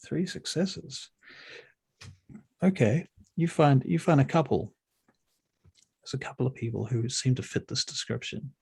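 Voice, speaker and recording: A man running a tabletop role-playing game as game master, narrating in a relaxed way with many ums. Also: mid-range voice, a little slow, vocal fry, long pauses, slightly rough. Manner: relaxed, full of ums and uhs.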